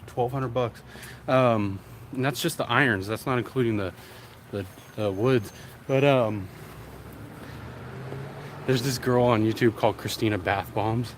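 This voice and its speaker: A man's voice: on the low side, echoey room, background noise. A young man rambling casually to his viewers, swearing freely as he chats about his day. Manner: rambling, profane, chatty. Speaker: vlogger.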